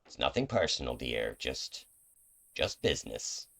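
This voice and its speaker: A man's voice: extremely low pitch, big pitch swings, a little slow, gravelly, fairly bright tone, voice pushed down, heavily acted. A man voicing a cool, businesslike female mercenary guard in a tabletop game, talking in a clipped, dismissive way.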